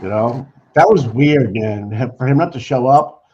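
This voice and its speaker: A man with a Boston accent co-hosting a casual live stream, animated and prone to repeating words. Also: mid-range voice, moderate pace, highs cut off, a little hiss or hum. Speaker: co-host.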